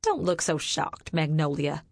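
A woman voicing a stern, sharp-tongued mother who scolds her grown daughter. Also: sits low, big pitch swings, unhurried, no room sound, heavily acted. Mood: scolding.

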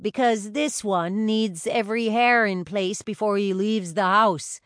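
A woman's voice: mid-range voice, steady tone, unhurried, a bit bright, no echo, studio quality, pitched above the performer's own voice, natural voice. Woman voicing a cocky young dancer twin. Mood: teasing. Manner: teasing, boastful.

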